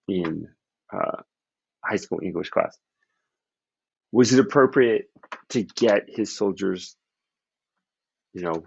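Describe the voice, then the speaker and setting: A male teacher with a deep, gravelly, somewhat husky voice explains a text to his class in a loose, conversational way. He reads passages and comments with frequent fillers. The recording is dry and a bit muffled, close to the mic. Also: no room sound. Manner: casual, thinking aloud with many fillers and restarts; reads passages aloud, then breaks them down. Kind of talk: classroom lecture analyzing a speech.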